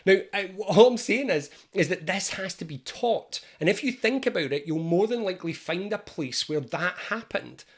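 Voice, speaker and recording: A man, an anxiety coach, explaining anxiety in a lively storytelling monologue. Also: high voice, moderate pace, few pauses. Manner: lively, storytelling, acts out scenes.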